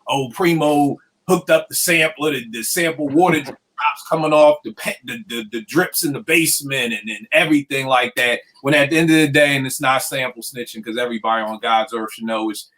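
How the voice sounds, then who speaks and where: A man hosting a casual talk about hip hop beats, a producer telling stories in lively slang. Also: mid-range voice, a little fast, hardly any pauses. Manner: animated storytelling with slang. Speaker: podcast host. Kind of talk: casual chat.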